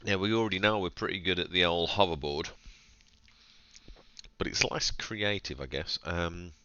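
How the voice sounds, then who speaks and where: A man's voice: low voice, moderate pace, bright, forceful tone, clean tone, no room sound, highs cut off. A man hosting a gaming channel, reading game text aloud in a narrated let's-play and breaking off for playful, chatty, jokey asides.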